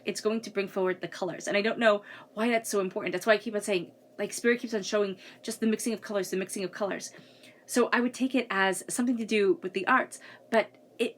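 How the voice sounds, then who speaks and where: Woman tarot reader, meandering intuitive delivery, mid-range voice, quiet background hum. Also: mid-range voice. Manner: flowing, searching, repeats words, soft asides. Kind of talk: spoken tarot reading.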